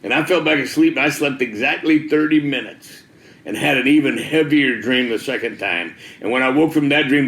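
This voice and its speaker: A man's voice: mid-range voice, brisk, fairly bright tone. Slangy man telling his testimony, roomy echo. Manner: casual, slangy, peppered with "dude" and "man". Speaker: former biker giving a church testimony. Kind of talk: personal testimony storytelling.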